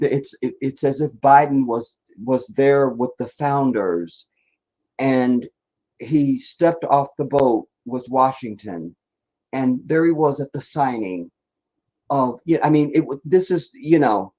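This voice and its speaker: A man's voice: medium pitch, a little mellow, poor audio. A man giving casual live-stream political commentary in a blunt, rambling, profane rant.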